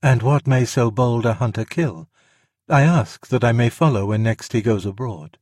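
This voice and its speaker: A man doing a slow, hushed old python. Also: mid-range voice, no echo, studio quality, natural voice. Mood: sly.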